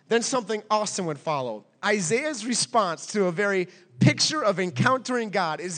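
A man's voice: high voice, expressive, moderate pace, fairly bright tone, big-room sound. A man preaching a sermon as pastor, emphatic and repetitive, with rhetorical questions to the congregation.

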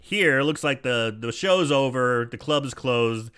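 A man with a bright, forceful voice recaps a film in casual podcast chat. His pitch jumps around a lot, and his retelling is loose and profane. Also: expressive, a little slow, clear, resonant tone. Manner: laughing, profane, retells scenes with put-on voices. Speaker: podcast co-host.

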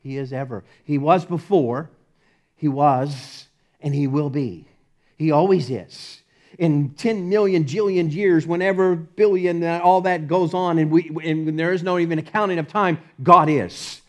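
A fervent male pastor with a fairly high voice delivers a sermon. He drops to near-whispers on repeated phrases, then builds to ringing declarations, stumbling over restarts and chuckling as he goes. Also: unhurried. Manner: impassioned, swings from hushed to loud with restarts and chuckles.

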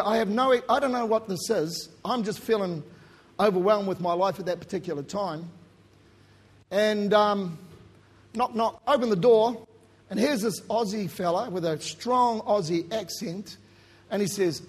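A little slowly, a middle-aged New Zealand pastor tells his own story during a sermon, his accent coming through plainly. The voice is breathy and husky and fairly high for a man, moving animatedly from loud, emphatic moments to quiet asides.

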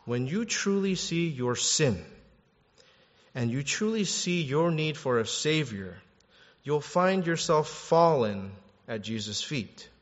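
A man preaching a sermon in a lively, conversational way, acting out quotes and repeating words as he goes. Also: on the high side, slow. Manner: animated, conversational, acts out quotes, restarts words. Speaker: pastor. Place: church hall. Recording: echoey hall, dull sound.

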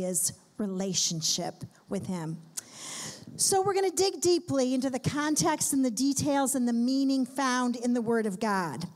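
A woman with a high, ringing voice preaches a sermon at a conference. She is emphatic and addresses the audience directly, stacking her points in long repeated lists. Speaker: conference speaker. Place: conference hall before a live audience.

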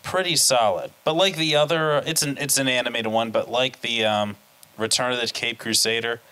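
A man's voice: mid-range voice, normal speed, pushed and bright, clean tone. A man co-hosting a podcast, chatting casually in a rambling, joking way with many fillers. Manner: rambling, jokey, lots of fillers. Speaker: podcast co-host. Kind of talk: casual chat.

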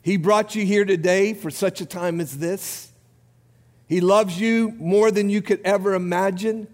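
A man's voice: high-pitched, steady tone. A man preaching a sermon, giving a numbered list with rising emphasis and then leading the congregation in prayer. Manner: preaching with rising emphasis and a quiet, slowed close. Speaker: pastor. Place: church sanctuary. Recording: long hall reverb.

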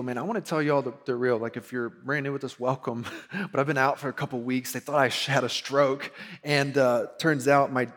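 A man, a pastor telling a personal story in a casual sermon, animated and laughing as he acts out quotes. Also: mid-range voice.

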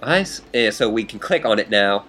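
A man's voice: lowish voice, expressive, moderate pace, fairly bright tone, soft background music. A man playing a game and reading its text aloud, casual and amused. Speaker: game player.

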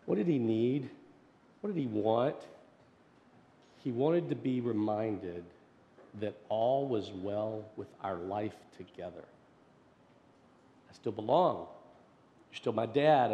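A man preaching a sermon as pastor, telling a family story and swinging from loud, animated passages to hushed, gentle ones. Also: medium pitch, gravelly, lo-fi sound. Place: church sanctuary. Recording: long hall reverb.

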